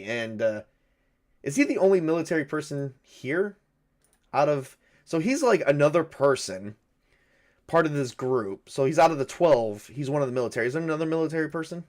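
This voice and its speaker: A man's voice: fairly high pitch, moderate pace. Man narrating a solo tabletop game. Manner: thinks aloud, hesitant with many fillers. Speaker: game master and solo player.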